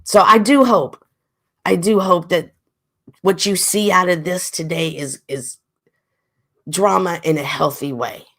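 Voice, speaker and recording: A woman hosting a casual livestream, reading chat comments aloud, a little stuffy, with a lively way of talking that swings from loud exclaims to murmurs. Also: lowish voice, a little slow, long pauses. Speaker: livestream host.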